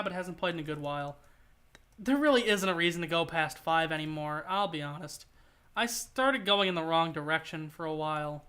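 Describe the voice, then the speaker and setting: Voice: mid-range voice, bright, forceful tone. A streamer chatting casually while gaming, rambling with lots of filler words.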